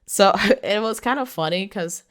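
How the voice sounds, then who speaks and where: A mid-range, clean voice, a little slow, belongs to a woman who reviews movies. She retells a film's plot in a chatty, easygoing way, saying "like" a lot and laughing along.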